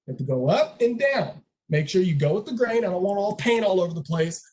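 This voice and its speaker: Someone putting on a strict old karate teacher, low and slow, very particular. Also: lively intonation, darkish tone, natural voice. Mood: stern. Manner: slow, exacting instructions.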